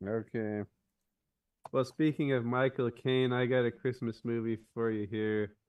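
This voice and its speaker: A man rambles through a film scene in casual podcast talk, full of restarts. His voice sits at an ordinary pitch. He sounds a bit away from the microphone. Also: unhurried, clear, resonant tone, distant mic. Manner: rambling, many restarts, animated retelling. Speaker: podcast co-host. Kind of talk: casual chat.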